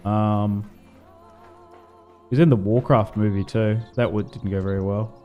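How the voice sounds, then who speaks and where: A man's voice: lowish voice, steady tone, unhurried, lo-fi sound, faint music behind. A young Australian man chatting casually and rambling while streaming a game. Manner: rambling, laid-back, slangy. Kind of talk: casual livestream chat over gameplay.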